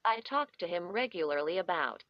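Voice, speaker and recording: A woman's voice: on the low side, animated, normal speed, no echo, highs cut off, natural voice. A woman voicing a menacing, teasing young woman who talks in a sly, taunting way. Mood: confiding.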